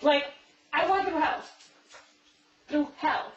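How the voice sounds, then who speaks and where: A woman venting fast and profanely, telling a long story in a police interview room on a hidden camera. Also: high-pitched, a little hiss or hum. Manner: rapid, profane, repetitive venting. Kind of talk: casual storytelling. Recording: echoey, distant, muffled hidden-camera audio.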